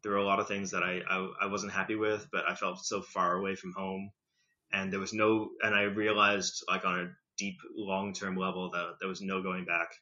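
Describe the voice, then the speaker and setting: A young man with a slightly British-tinged accent, chatting casually as a podcast guest, rambling with lots of fillers and quick laughs. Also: sits low, level tone, bright, forceful tone. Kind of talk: casual conversational storytelling. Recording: slightly muffled lo-fi recording.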